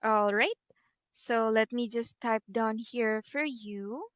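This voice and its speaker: A woman teaching a one-on-one online English lesson, patient and encouraging, pausing to type corrections as she talks. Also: a little high, no echo.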